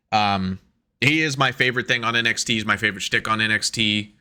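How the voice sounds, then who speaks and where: A man co-hosting a podcast in casual chat, talking excitedly and profanely and acting out quotes as he goes. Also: on the low side, fairly quick, clean tone. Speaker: podcast co-host.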